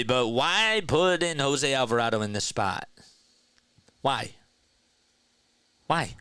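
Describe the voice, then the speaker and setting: Bright, crisp-voiced young man calling baseball. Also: no room sound. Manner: rises sharply in pitch and volume on big plays, calm and low when reading chat. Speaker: play-by-play host of an online stream. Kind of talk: live play-by-play commentary with viewer chat.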